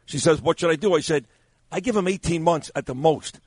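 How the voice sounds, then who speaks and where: A brash man hosts morning talk radio, ribbing his co-hosts in quick banter. His voice sits a little high. The studio sound is close and dry. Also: a little mellow, breathy edge, no echo. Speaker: radio show host. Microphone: studio microphone.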